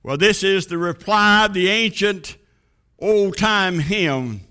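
Man preaching a sermon, high voice, slow and dramatic, goes loud then real quiet. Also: clean tone. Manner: dramatic preaching cadence, swinging from booming to hushed.

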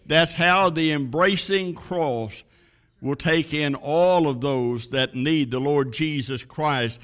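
A man preaching a sermon with a dramatic cadence, rising to booming lines and dropping to a hush. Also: slow.

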